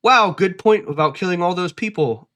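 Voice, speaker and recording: A man's voice: high-pitched, moderate pace, sharp tone, voice pushed up. A man sarcastically voicing a cold, calculating woman leader. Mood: sarcastic. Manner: mocking, sarcastic.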